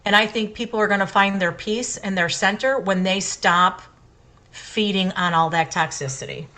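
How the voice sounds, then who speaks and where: A woman's voice: mid-range voice, fairly even intonation, normal speed, bright, forceful tone. A middle-aged woman co-hosting a casual talk podcast. She speaks her mind with passion and leans hard on her points, repeating them for emphasis. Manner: impassioned, emphatic opinion-giving. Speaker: podcast co-host. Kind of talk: casual chat.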